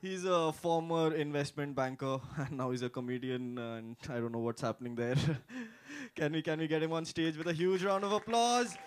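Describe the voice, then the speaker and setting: A man hosting a stand-up open mic, loudly urging the audience to clap. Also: on the high side, expressive, moderate pace, few pauses. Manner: loud crowd-hyping, urging applause. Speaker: show host, emcee. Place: comedy club stage. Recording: noisy club with loud crowd.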